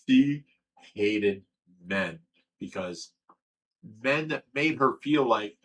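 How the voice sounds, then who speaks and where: A man's voice: mid-range voice, takes it slowly, long pauses, a bit bright, a little hiss or hum, poor audio. A livestream host talking candidly and emotionally, rambling and swearing as he tells a personal story. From Ohio.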